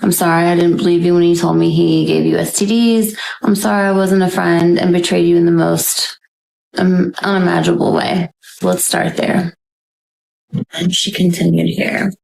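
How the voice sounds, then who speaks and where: A woman with a low voice and heavy vocal fry talks loosely and casually. She reads text messages aloud and fills the gaps with "like" and "um", and her speech has a relaxed live-stream rhythm. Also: normal speed, rough recording. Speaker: guest sharing screenshots.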